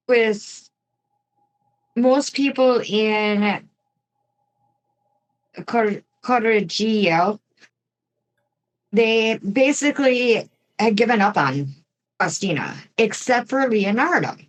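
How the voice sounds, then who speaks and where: A woman co-hosting a podcast, telling a true-crime story casually with chatty asides and mild swearing. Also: fairly high pitch. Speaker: podcast co-host.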